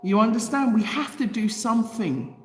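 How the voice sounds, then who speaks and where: With a fairly high, slightly mellow voice and lively intonation, a woman hosts a livestream at a moderate pace, reading viewer comments. She talks passionately and directly to viewers in an emotional chat, recorded with roomy echo and long reverb.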